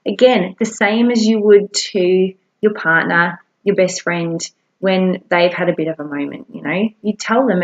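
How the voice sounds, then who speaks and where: A woman's voice: on the low side, a little slow, muffled recording. A woman giving casual, encouraging self-help advice to camera in a chatty way. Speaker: wellness coach.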